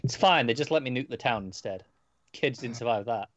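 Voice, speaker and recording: A man's voice: mid-range voice, fairly quick, highs cut off. A man co-hosting a casual podcast chat, wry in tone and often restarting his sentences. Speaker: podcast co-host.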